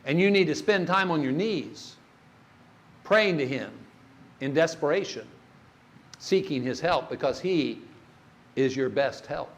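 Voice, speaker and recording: A man's voice: fairly high pitch, animated, a little slow, pauses often. An older man giving a church workshop talk on grief, folksy and storytelling, asking the audience questions.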